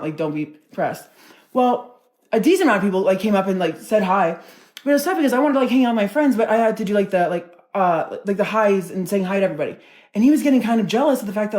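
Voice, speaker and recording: A woman's voice: mid-range voice, a little mellow. A young woman from Denver, a content creator telling a storytime vlog in a chatty, profane way, full of filler words. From Denver, United States.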